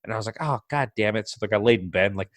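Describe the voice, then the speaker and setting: Rapid-fire and low-voiced, a man co-hosting a casual podcast tells swear-filled stories and performs his own alarm. He's on a remote call using a computer mic.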